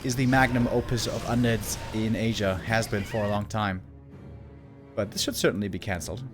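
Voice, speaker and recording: A man's voice: on the low side, steady tone, a little fast, music in the background. A man giving live commentary on a strategy game match, chatty, exclaiming at big plays and drifting into casual asides to viewers. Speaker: esports caster.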